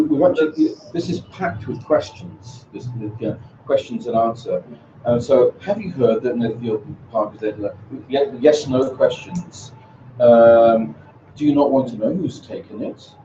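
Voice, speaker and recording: A man runs a teacher workshop in a halting way, doubling back on his words. His voice is mellow and dark. He sounds roomy and far from the mic, on a dull recording. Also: medium pitch, a little hiss or hum. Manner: halting, repeats words often. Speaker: teacher trainer. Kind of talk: leading a workshop discussion.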